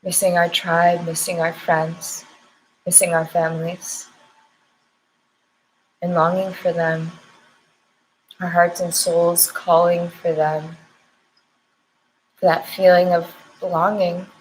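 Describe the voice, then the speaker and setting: Young woman card reader, soft affirming tone, emotional, faint hum behind. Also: on the low side, little pitch movement, takes it slowly, pauses often, low-quality recording. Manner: tender, emotional, affirming, near tears. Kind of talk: spiritual card reading with affirmations.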